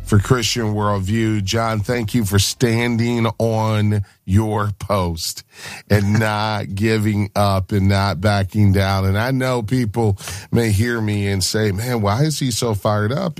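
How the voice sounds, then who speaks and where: A man's voice: on the low side, dry recording, studio quality. A man hosting a talk radio interview, speaking with passion and fire. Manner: fired up, passionate.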